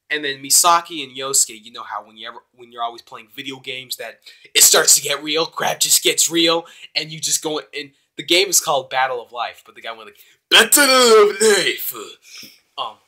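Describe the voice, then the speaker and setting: A young man giving a casual, rambling, excitable spoken review of an anime episode. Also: medium pitch. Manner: excitable, rambling, with many fillers.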